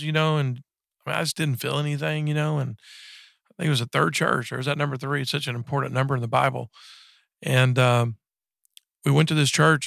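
A man in his forties giving a personal faith testimony in casual conversation, halting and earnest, with many restarts and fillers. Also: medium pitch, gravelly, fairly bright tone, no room sound, clean studio sound. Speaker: guest sharing a faith story.

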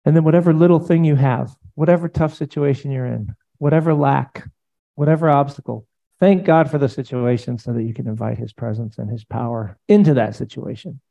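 A man pastor teaching in a casual, conversational way, animated and rambling, often speaking prayers aloud. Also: mid-range voice, brisk, vocal fry, muffled recording.

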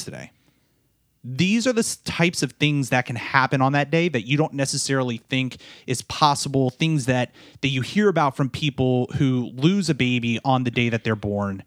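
Tired, halting man telling a story. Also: medium pitch, expressive, no room sound, studio quality. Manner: halting, repeats words and restarts often. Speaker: podcast co-host, new father. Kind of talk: emotional personal storytelling.

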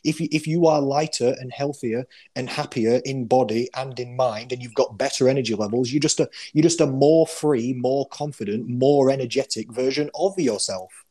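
A man hosting a podcast, speaking in an encouraging, reflective and measured way. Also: medium pitch, warm tone. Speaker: podcast host. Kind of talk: casual interview chat.

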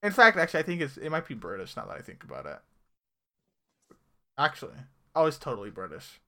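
A man's voice: mid-range voice, huge pitch swings, fast talker, pushed and bright. A man casually recapping a TV episode on a podcast, rambling and correcting himself as he goes. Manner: rambling, self-correcting, laughs often. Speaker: podcast co-host.

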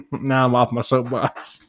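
A man from the United States co-hosting a podcast, telling long rambling stories, often laughing and growing animated as he rants. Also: mid-range voice, slow. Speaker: podcast co-host. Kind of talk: casual chat.

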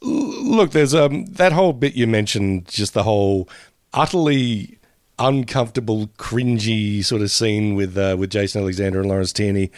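A man's voice: on the low side, dry recording, studio quality. A man, co-hosting a casual podcast chat, rambling and laughing often. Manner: rambling, laughs often, drifts into quick impressions. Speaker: podcast co-host.

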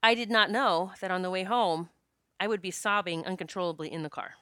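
Woman, casual monologue, laughs often, smooth clear voice, dry room. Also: lowish voice, steady tone, a little fast, pushed and bright, no room sound. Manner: candid, laughs often, swears freely.

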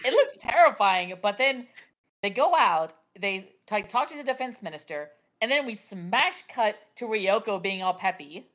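A woman co-hosts a casual podcast about anime. Her pitch swings a lot, and she delivers her wry, exasperated remarks in a bouncy, animated way. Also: moderate pace. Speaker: podcast co-host. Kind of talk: casual anime review chat.

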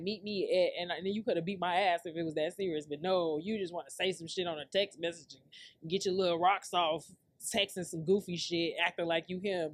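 A woman's voice: on the low side, no echo. A woman hosting her own podcast, telling a blunt, profane story and laughing often. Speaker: podcast host. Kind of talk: casual storytelling rant.

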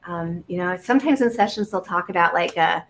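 A woman from Iowa, a guest on an interview show, talking casually with many fillers and animated storytelling. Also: on the low side, fairly quick, slight background noise. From Iowa, United States.

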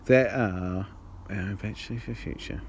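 A man's voice: fairly low pitch, normal speed, slightly rough. A man co-hosting a podcast in casual banter, rambling and repeating himself, often laughing. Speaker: podcast co-host.

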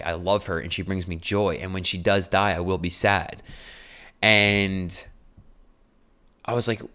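A man's voice: fairly low pitch, a bit bright. A man from New Jersey, a coach hosting a podcast, talking in a casual monologue that is emphatic and repetitive, with frequent swearing and rhetorical questions. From New Jersey, USA.

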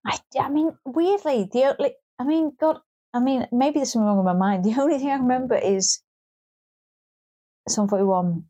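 A woman's voice: on the high side, normal speed, mellow. A woman co-hosting a podcast in casual chat, wry and grumbling, with lots of restarts and swearing. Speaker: podcast co-host.

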